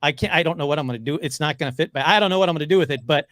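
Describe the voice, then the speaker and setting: A man with a somewhat high voice talks as a guest on a podcast. He is excitable and gushing and races through his stories. The recording is dry, close and free of room sound. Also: very fast, no echo. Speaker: podcast guest, paranormal investigator. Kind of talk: casual interview chat.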